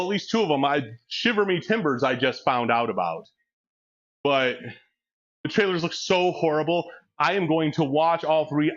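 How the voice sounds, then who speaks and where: Between sets at the gym, a fitness vlogger in his forties chats casually, crude and joking, laughing often as he tells stories. His voice is a little high and a bit bright, captured in a dull lo-fi recording.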